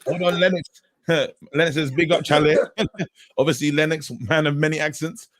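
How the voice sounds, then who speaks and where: A man's voice: on the high side, fairly even intonation, normal speed, a bit bright, no room sound, studio quality. A man hosting a casual boxing stream, joking around and reading chat comments aloud. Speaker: podcast host.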